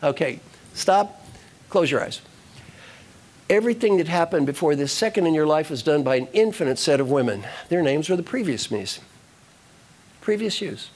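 A man giving a live motivational talk to an audience, animated and repetitive, giving direct instructions. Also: on the high side. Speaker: motivational speaker.

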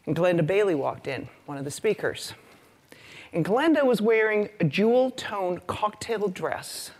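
A woman's voice: mid-range voice, lively intonation, measured pace, a little mellow. A woman giving a humorous, storytelling talk to an audience as an invited speaker. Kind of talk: conference talk.

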